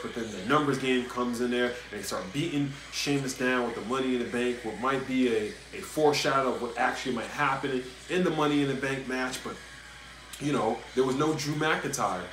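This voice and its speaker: A man's voice: mid-range voice, fairly bright tone. A man hosting a casual wrestling review, talking animatedly and repeating himself when he gets worked up. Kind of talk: casual solo review commentary. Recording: echoey room with faint noise.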